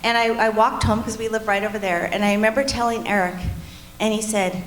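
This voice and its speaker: In an echoey church meeting room with faint noise, a middle-aged woman co-teaching a marriage class talks fast in a medium-pitched voice with fairly even intonation. Her teaching is earnest and candid, built on personal stories told directly to the class.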